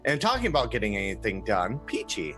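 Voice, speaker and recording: A man's voice: on the low side, wildly swooping pitch, brisk, bright, forceful tone, faint music behind. A man introducing his character on a role-play stream, joking and teasing the others. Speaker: player. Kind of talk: casual chat among players.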